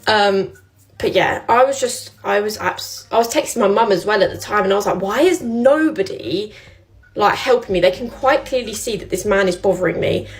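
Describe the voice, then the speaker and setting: A woman's voice: mid-range voice, normal speed. A woman, telling a story casually with lots of fillers. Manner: chatty, filler-heavy retelling. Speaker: vlogger.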